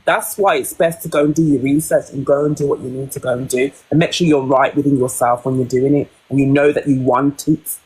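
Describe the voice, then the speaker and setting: A woman's voice: a bass voice, steady tone, brisk, hardly any pauses, darkish tone, husky, poor audio. A woman, talking earnestly and at length as a guest in a personal interview, often restarting her sentences.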